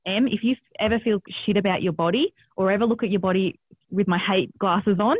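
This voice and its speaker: A woman with an Australian accent, a podcast guest telling a story casually, animated and swearing freely, acting out what people said. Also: medium pitch, brisk, no room sound, narrow, tinny audio.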